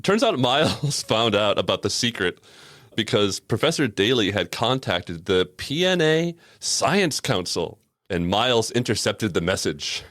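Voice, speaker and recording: A man's voice: on the low side, sing-song, unhurried, fairly bright tone, no room sound, studio quality. A man co-hosting a podcast in casual chat, reviewing a cartoon episode with a wry, sarcastic manner. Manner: wry and sarcastic, laughs often. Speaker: podcast co-host.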